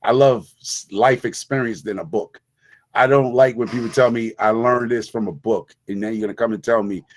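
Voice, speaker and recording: A middle-aged man from the Bronx talks in a casual chat. His pitch sits in an ordinary male middle range. He builds his points emphatically, doubling back and repeating phrases as he goes. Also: fairly even intonation, moderate pace. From the Bronx, New York. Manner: emphatic, repetitive storyteller with frequent restarts. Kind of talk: casual conversation.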